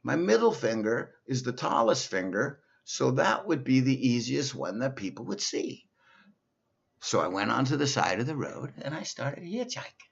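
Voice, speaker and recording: A male comedian doing a stand-up monologue in a slow, simple-minded persona, telling silly stories. The recording is dull and lo-fi. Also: mid-range voice, big pitch swings, vocal fry, husky.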